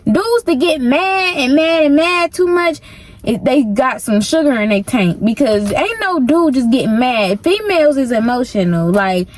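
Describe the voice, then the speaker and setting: A woman's voice: sits high, lively intonation, unhurried. A woman vlogger telling a personal story in a casual, slangy, emphatic way.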